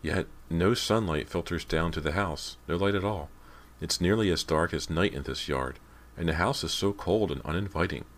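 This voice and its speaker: A man narrates an audiobook in an extremely deep, low voice. His reading is measured and steady throughout. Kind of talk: scripted narration.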